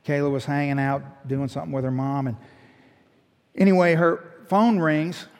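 A man's voice: fairly high pitch, normal speed. A middle-aged man, a pastor telling a story in a sermon and acting out the people in it. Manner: animated storyteller, voicing the people in his story. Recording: long hall reverb.

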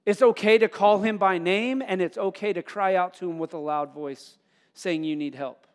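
Male pastor, high voice, emphatic preaching with soft drops; long church-hall reverb. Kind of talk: sermon.

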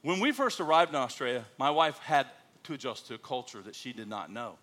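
A man's voice: mid-range voice, fairly quick. A man, a missionary pastor telling folksy, humorous stories in a sermon at church. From United States. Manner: animated, folksy storytelling with self-deprecating humor.

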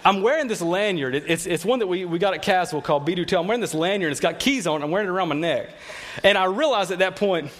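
A man's voice: fairly high pitch, a bit bright. A man preaching a sermon, telling personal stories in a conversational way and often repeating words.

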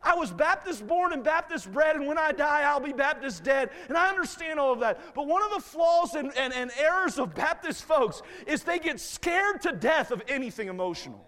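A man preaching a fervent revival sermon as a guest preacher in a church, swelling to shouts. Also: very high voice, animated, normal speed, few pauses. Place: church sanctuary. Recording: long church-hall reverb.

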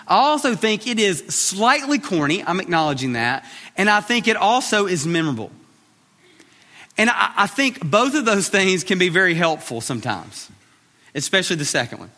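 A man's voice: a little high, pushed and bright. A man in his thirties preaching a sermon in a conversational way, repeating short phrases for emphasis. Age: 30s. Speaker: pastor. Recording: reverberant hall.

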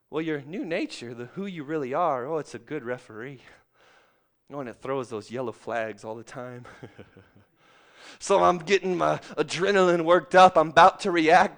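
Middle-aged preacher man, fairly high voice, dynamic delivery, calls to the congregation. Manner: dynamic preaching, swings from loud and excited to soft and hushed. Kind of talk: sermon.

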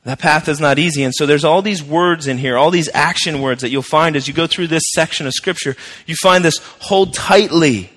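A man's voice: on the high side, fairly quick, few pauses, a bit bright, big-room sound. A male pastor preaching a sermon in a conversational, emphatic way, repeating his key phrases.

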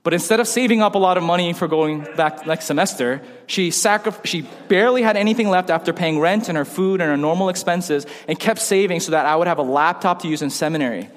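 A young man, casual and joking, telling stories in an animated way. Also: high-pitched, quick pace, few pauses. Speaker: pastor. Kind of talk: sermon. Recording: long hall reverb.

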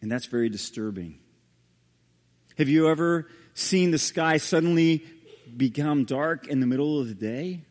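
A male pastor preaching a sermon and reading scripture aloud, dramatic, with sudden hushed low drops on key words. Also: measured pace. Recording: long hall reverb.

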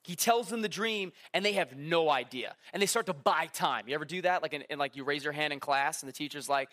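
A man preaching a casual sermon, talking to the crowd like a friend, with quick asides and acted-out quotes. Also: a little high, bright, forceful tone. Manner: conversational, acts out quotes, many asides.

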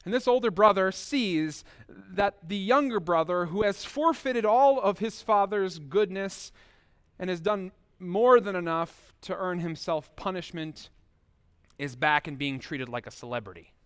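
Man, pastor, sermon, high voice, conversational, talks straight to the congregation. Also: unhurried, a bit bright, clear, resonant tone. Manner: conversational, addresses listeners directly with rhetorical questions.

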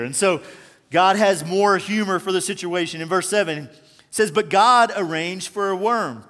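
A male pastor with a fairly high voice delivers a lively, joking sermon to his congregation. His telling is animated, rising and dropping in volume as he tells the story. The sound carries a long reverb from a large hall. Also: normal speed. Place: church auditorium.

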